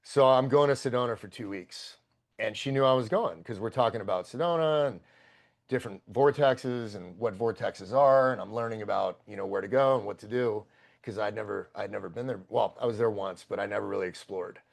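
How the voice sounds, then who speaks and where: A man, a podcast guest, telling a long story in a casual, profane, excitable and rambling way. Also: lowish voice, fairly quick, vocal fry.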